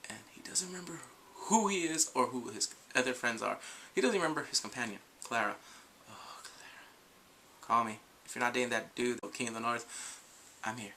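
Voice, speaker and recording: A man's voice: mid-range voice, vocal fry, bright, forceful tone, a little hiss or hum. A young man reviewing a TV episode in a casual, rambling way. He goes off on tangents and acts out scenes in quoted voices. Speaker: video reviewer.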